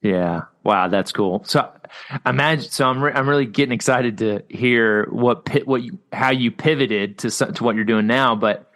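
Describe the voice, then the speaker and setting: A man's voice: mid-range voice, normal speed, a bit bright. A man hosting a podcast, asking long, stumbling questions with many "you know"s and encouraging his guest. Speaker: podcast host. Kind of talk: podcast interview.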